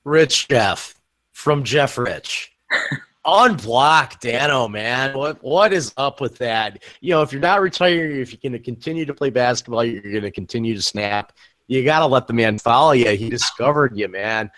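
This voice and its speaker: A man's voice: mid-range voice, lively intonation, moderate pace, fairly bright tone. Joking man hosting a podcast interview. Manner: loose and joking, with many fillers. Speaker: podcast host. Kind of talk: casual interview questions.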